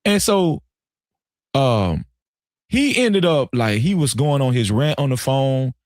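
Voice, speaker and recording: A man hosting a live stream, telling a story in a casual, animated and profane way. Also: medium pitch, slow, no room sound, studio quality. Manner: animated, profane, dramatic retelling.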